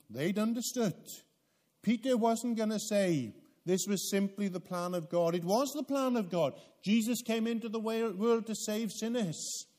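A man's voice: high-pitched, a little mellow. A man preaching a sermon in a church, earnest and emphatic. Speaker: pastor.

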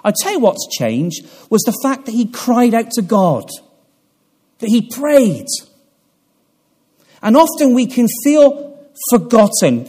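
A man delivering a sermon in a slow, measured way. His high voice rises and falls widely, sinking to near-whispers and then swelling with earnest emphasis. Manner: earnest, dramatic swells and hushed drops. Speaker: pastor.

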